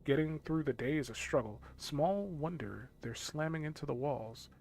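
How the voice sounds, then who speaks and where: Gruff, tired town guard for a game, read by a man: gravelly and grumbling. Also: on the high side, animated, moderate pace, a little mellow. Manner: world-weary, grumbling.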